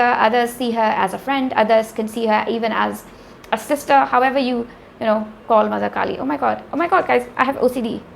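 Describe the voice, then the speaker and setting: A young woman from India gives a casual tarot reading, chatty and animated, speaking directly to her audience. Her voice sits a little high with a gravelly fry, over a faint background hiss. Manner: chatty and animated, laughs often, talks directly to viewers. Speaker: tarot reader.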